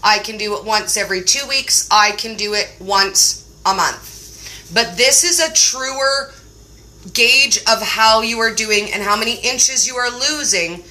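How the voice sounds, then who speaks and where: Bright-voiced, joking woman host. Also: medium pitch, unhurried. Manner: chatty and joking. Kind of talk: casual chat on a live stream.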